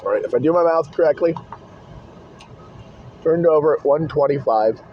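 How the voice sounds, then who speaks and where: A man's voice: fairly high pitch, normal speed, a little hiss or hum. A man rambling in a casual vlog from inside his car, blunt and swearing constantly, recorded on a phone camera in a car holder. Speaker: vlogger. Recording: dull lo-fi phone audio in car.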